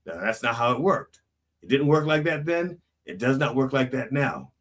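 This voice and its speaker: Male host, husky, animated delivery; lectures through lyrics like a sermon. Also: mid-range voice, moderate pace. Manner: lively, preachy, peppered with "okay?". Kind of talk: song lyric commentary.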